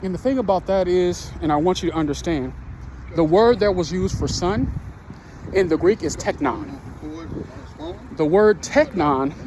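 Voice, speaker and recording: Earnest high-voiced man preaching. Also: slight background noise. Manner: earnest, repetitive storytelling with restarts. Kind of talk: sermon.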